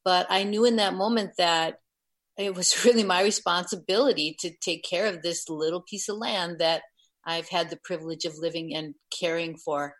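A woman's voice: lowish voice, steady tone, moderate pace. A woman farmer and author, speaking earnestly and with passion as a guest on a radio talk show. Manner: earnest, impassioned. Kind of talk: radio interview.

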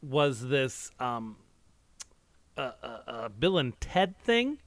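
Co-host dude, deadpan, lots of uh's, dry mic. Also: male voice, mid-range voice, slow pace, creaky, no echo. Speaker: podcast co-host. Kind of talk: casual comedic chat.

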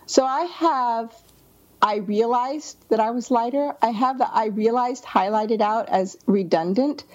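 A woman's voice: on the high side, measured pace, a little mellow, muffled recording. A woman editor reading passages of a manuscript aloud and explaining her edits. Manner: explanatory, reads passages aloud then comments. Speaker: book editor. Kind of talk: manuscript critique walkthrough.

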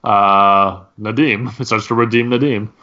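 A man's voice: on the low side, fairly even intonation, a little slow, sharp tone, muffled recording. A man co-hosting a podcast in a laid-back, joking way, laughing at his own lines. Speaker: podcast co-host. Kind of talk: casual chat.

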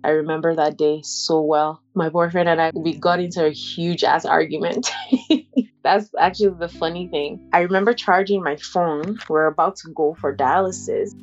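Young woman, lower-pitched, candid first-person testimony, halting and conversational, slightly muffled lo-fi sound. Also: fairly even intonation, soft background music. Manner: halting, conversational, many "like" fillers and restarts. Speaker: interviewee sharing a personal story.

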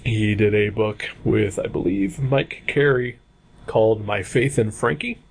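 A man's voice: fairly low pitch, measured pace, vocal fry, slight background noise. A man co-hosting a casual comics podcast, talking in a rambling, hesitant way with many fillers. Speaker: podcast co-host.

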